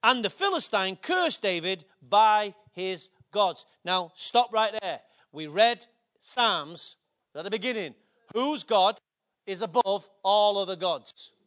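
A man, preaching a sermon with animated storytelling that builds to shouts. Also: high voice, slow.

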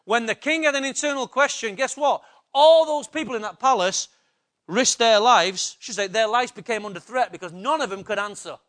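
A man's voice: extremely high pitch, normal speed, fairly bright tone. A man preaching a sermon in a church, emphatic and repetitive, putting questions to the congregation.

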